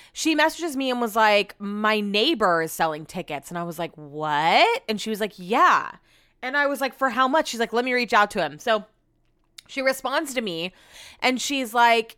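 A woman's voice: a little high, bright, forceful tone, clean tone. A young woman hosting her podcast, casually telling a long story, chatty and swearing often. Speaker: podcast host.

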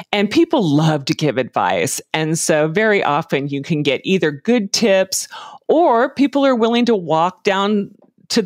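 A woman answering interview questions about job hunting in a measured, advising way, with frequent ums and uhs. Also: sits low, no echo, clean studio sound. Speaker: career and hiring advice guest.

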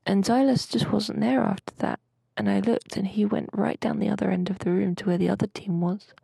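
A young woman rambles through a story in casual podcast chat. Her voice is heavily gravelly and husky. The sound is close and dry. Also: mid-range voice, steady tone, a little fast, dark tone, no room sound. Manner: rambling, chatty storytelling with mild swearing. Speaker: podcast co-host. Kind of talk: casual chat, recounting a dream.

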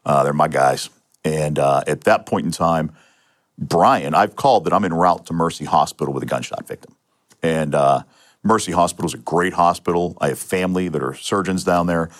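Low-voiced middle-aged man recounting his story. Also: normal speed. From Pennsylvania. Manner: matter-of-fact storytelling with frequent restarts and fillers. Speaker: interview guest, retired police sergeant. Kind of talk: telling a personal story in a podcast interview.

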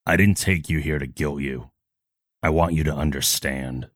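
A man voicing a grim, brooding male vigilante hero in a solemn, measured way. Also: extremely low pitch, fairly bright tone, no room sound, clean studio sound. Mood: earnest.

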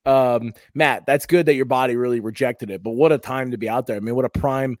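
A man's voice: medium pitch, fairly quick, a little mellow, no room sound, clean studio sound. A man hosting a casual podcast chat, joking with friends, laughing often and rambling through asides. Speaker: podcast host.

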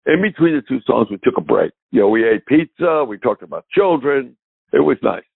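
Raspy older man on a phone line. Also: medium pitch, brisk, no room sound. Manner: lively storyteller who chuckles often. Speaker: guest drummer. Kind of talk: animated anecdote telling. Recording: phone-like call audio.

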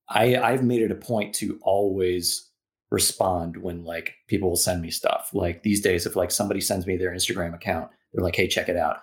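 A man as a podcast guest, speaking casually and loosely with lots of filler words. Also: low voice. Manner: relaxed, many fillers like "like" and "you know". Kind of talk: casual conversation.

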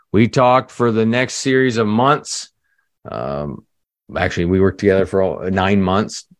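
A man, a leadership coach guest on a podcast, telling a story in a lively conversational way, full of "you know" fillers and acted-out quotes. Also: mid-range voice, dry recording.

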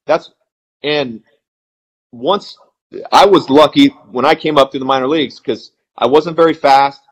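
A man in his forties, a retired ballplayer, telling blunt and animated stories as a podcast guest. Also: mid-range voice, poor audio. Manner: blunt, animated, fast-flowing anecdotes. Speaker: retired baseball player, guest. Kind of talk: podcast interview storytelling.

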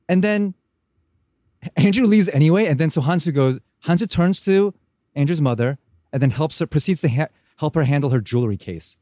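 An animated man on a casual podcast, his voice sitting a little high and swinging widely as he retells scenes. He mocks the lines he quotes. The sound is close and dry. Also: normal speed, long pauses, no echo. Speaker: podcast co-host. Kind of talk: casual recap chat.

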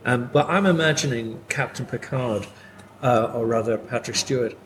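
Man, measured hesitant podcast talk, steady background noise audible. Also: mid-range voice, poor audio. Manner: measured, hesitant with many uhs. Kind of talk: casual podcast chat.

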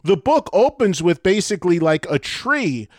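A male interviewer with a high voice, asking questions quickly and eagerly. He restarts his sentences as he goes, recorded close and dry in a studio. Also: sing-song, darkish tone, dry recording. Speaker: podcast host, interviewer.

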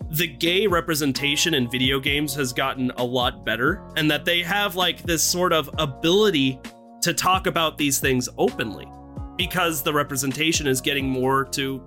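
A man with a high, bright voice chatting eagerly on a gaming podcast. He is animated and playfully theatrical, laughing often. Faint music plays under him. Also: moderate pace. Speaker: podcast co-host. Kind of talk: casual chat.

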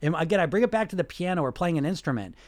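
A man's voice: on the high side, animated, rapid-fire. A man talking as a weight loss coach in a casual way, blunt and full of rhetorical questions, often laughing. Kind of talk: casual coaching talk to viewers.

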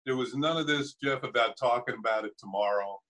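An older man and former ballplayer, a guest in an interview, telling relaxed anecdotes with frequent chuckles and halting restarts. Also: medium pitch, rough recording.

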